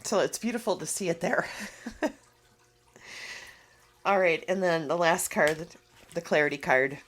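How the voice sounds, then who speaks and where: In a casual vlog, a low-voiced woman walks through an oracle card reading. Tearful and emotional, she speaks softly and haltingly, pausing often.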